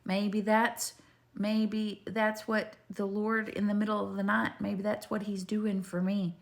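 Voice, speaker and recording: An older woman speaks to her viewers in a chatty, digressive way. Her voice sits in a middle pitch, and she keeps wandering off topic, then coming back with questions aimed straight at the listener. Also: level tone, a little slow, vocal fry. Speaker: faith video maker. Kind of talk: rambling faith testimony to camera.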